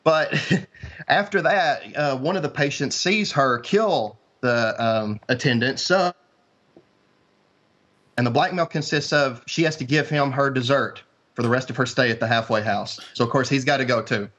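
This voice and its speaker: A man on a casual podcast, telling a film plot in a dry, deadpan way. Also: mid-range voice. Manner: deadpan, dry storytelling with a mock trailer opening. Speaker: podcast guest. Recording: dull lo-fi sound.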